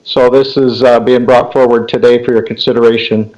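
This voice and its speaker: A man from a county department presenting an item to the board, formal and measured. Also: medium pitch, little pitch movement, a little mellow, rough recording. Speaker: highway department staff. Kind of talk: remote meeting presentation.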